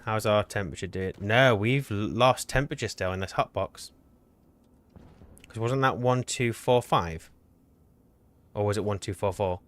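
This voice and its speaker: A man's voice: on the low side, normal speed, long pauses, fairly bright tone. A man live-streaming a co-op game, chatting casually and teasing his partner. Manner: chatty, self-correcting, teasing. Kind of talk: casual gameplay chat.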